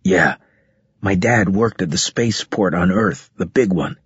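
A man's voice: sits low, a little slow, a bit bright, breathy edge, dry recording, full character voice. Matter-of-fact young soldier, dry dull recording, a man reading it. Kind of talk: audiobook character reading. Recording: dull, muffled audio.

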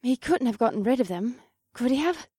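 Curious, brisk young heroines of a fantasy audiobook, voiced by a woman. The voice sits somewhat high and stays conversational, full of questions. The sound is dry and close to the mic. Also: lively intonation, dark tone, husky, no room sound. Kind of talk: audiobook character dialogue.

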